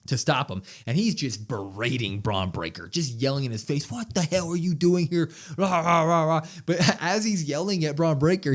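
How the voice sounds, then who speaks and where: A young man co-hosting a podcast, giving an excitable, chuckling play-by-play recap of a show. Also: mid-range voice. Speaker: wrestling podcast co-host.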